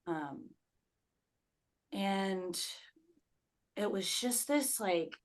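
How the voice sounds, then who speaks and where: A woman's voice: medium pitch, lively intonation, drawn-out words. A young woman who is a podcast guest, telling a personal story in a conversational way, full of "like" fillers and acting out what people said. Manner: conversational, many "like" fillers, acts out quoted speech.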